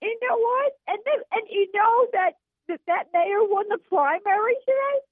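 Woman, crying, very high voice, halting broken speech, tinny phone line, dry. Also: no echo. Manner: halting, broken, tearful phrasing. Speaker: caller. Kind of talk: emotional call-in.

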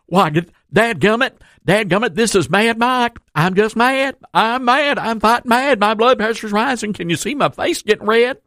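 A man's voice: high-pitched, lively intonation, moderate pace, hardly any pauses, fairly bright tone, no room sound, pitched above the performer's own voice. A man mimicking a furious, folksy middle-aged man in a blustery, overdone parody. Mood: fuming. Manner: blustery, exaggerated mock outrage.

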